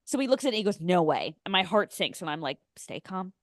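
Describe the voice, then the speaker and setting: A woman co-hosting a movie podcast, telling stories in a lively way and acting out other people's voices. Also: on the low side, fairly quick, no echo, studio quality. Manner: animated storyteller, acts out quoted voices. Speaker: podcast co-host. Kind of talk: casual storytelling chat.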